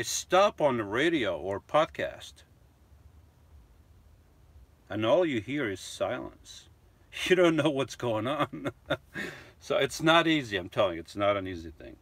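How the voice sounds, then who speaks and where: Slow, rambling middle-aged man on a live stream. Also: mid-range voice, very animated, fairly bright tone, dry recording. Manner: rambling, self-mocking, with frequent fillers and chuckles. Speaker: vlogger hosting a live stream. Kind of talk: casual live-stream chat, reading viewer comments.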